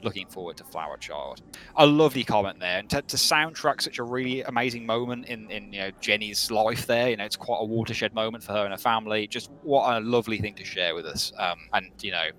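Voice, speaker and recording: A man's voice: fairly low pitch, brisk, fairly bright tone. A man from England co-hosting a casual podcast, chatting and reading listener comments aloud. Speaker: podcast co-host.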